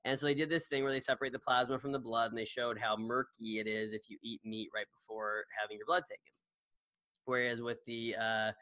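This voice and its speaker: A man's voice: mid-range voice, little pitch movement, brisk, sharp tone, dry recording. A man co-hosting a podcast, chatting casually and rambling with many fillers and restarts. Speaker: podcast co-host.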